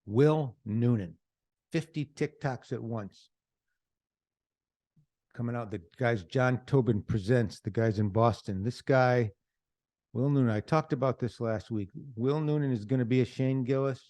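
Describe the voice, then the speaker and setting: A man's voice: medium pitch, measured pace, a little mellow. A man hosting a podcast, enthusiastically plugging comedy specials. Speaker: podcast host. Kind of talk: podcast promo segment.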